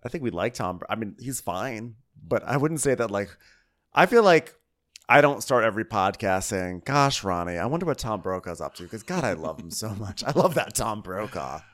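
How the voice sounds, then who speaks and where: A man co-hosting a podcast, chatting casually and acting out quotes from a reality show. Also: moderate pace. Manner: animated, acts out quotes in high voices. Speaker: podcast co-host.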